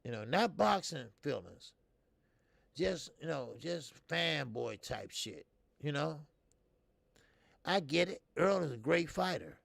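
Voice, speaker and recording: A man in his fifties rants about boxing in a heavily gravelly, fry-laden voice pitched a little high. He swears freely, restarts his sentences and piles on fillers, and he swings from loud emphatic bursts down to low mutters. The sound is close and dead dry. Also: big pitch swings, takes it slowly, pauses often, no room sound. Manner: profane, rambling, many fillers and restarts. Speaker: boxing show host. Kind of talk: casual opinionated commentary.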